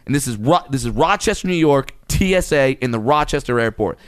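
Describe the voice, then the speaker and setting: Male podcast host, casual storyteller, smooth clear voice, dry close mic, profane and animated. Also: medium pitch, fairly quick, no echo.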